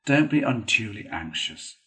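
A man's voice: medium pitch, big pitch swings, unhurried, a bit bright, low-quality recording. A man doing a stern, knowing old badger. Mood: warning. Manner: firm and warning. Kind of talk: storybook reading.

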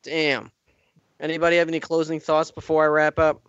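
A man's voice: fairly high pitch, completely flat delivery, quick pace, clean tone, no room sound, highs cut off. A man hosting a casual comedy podcast, joking crudely and wrapping up the show. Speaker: podcast host.

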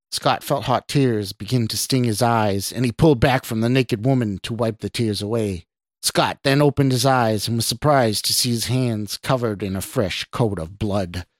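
A man, the podcast host, reading his own horror story in a measured, steady way. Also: on the low side, no echo, clean studio sound. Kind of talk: scripted horror narration.

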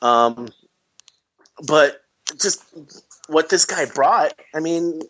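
A man co-hosting a casual movie chat, animated and complaining, repeating himself for emphasis. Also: a little high, extremely slow. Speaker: podcast co-host. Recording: dull lo-fi recording.

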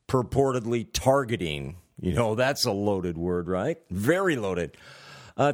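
Slow, deliberate male commentator. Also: mid-range voice. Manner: slow, deliberate, sarcastic asides. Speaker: commentary host. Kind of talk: political commentary monologue.

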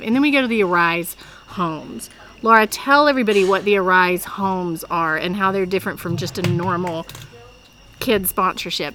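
Bright-voiced chatty woman host. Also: mid-range voice, poor audio. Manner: chatty and laughing, tearing up when emotional. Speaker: podcast host. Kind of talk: casual podcast chat. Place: outdoors at a mission home with people working nearby. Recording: field recording with faint background noise.

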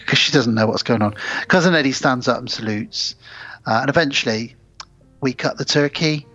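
A man's voice: mid-range voice, normal speed, sharp tone. A man, co-hosting a podcast, who casually retells film scenes in detail. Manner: retells scenes, often quoting characters. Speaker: podcast co-host. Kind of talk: casual film recap chat. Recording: slightly dull podcast audio with faint music.

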